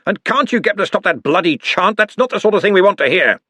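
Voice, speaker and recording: A man voicing a gruff elderly male wizard head with loud, indignant outbursts, in an audiobook reading. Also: sits high, lively intonation, fast, no echo, pitched above the performer's own voice, full character voice.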